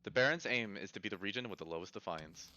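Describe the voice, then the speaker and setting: A man narrating a tabletop game as game master, lively and laughing often. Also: lowish voice, fast, no echo.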